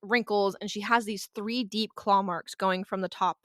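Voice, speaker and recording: A woman's voice: medium pitch, fairly even intonation, moderate pace, no room sound, clean studio sound. A woman co-hosting a podcast, retelling a haunting in a blunt, sarcastic way, swearing and laughing as she goes. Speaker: podcast co-host. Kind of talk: casual storytelling chat.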